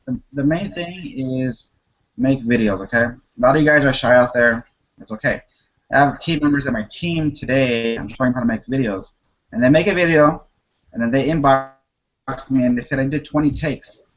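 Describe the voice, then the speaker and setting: A man giving marketing tips in a casual group call, talking with energy and breaking into excited acted-out voices. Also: medium pitch, moderate pace. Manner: energetic, animated, jumps into excited put-on voices. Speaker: guest marketer. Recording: dull lo-fi audio.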